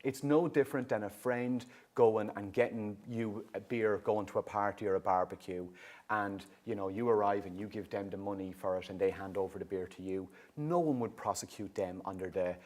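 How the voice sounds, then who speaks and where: A middle-aged Irish man who works for a youth drug and alcohol service gives a public awareness talk on young people's drug use. His voice is fairly low and a little fast, and he explains things in a lively, conversational way while checking that listeners follow along.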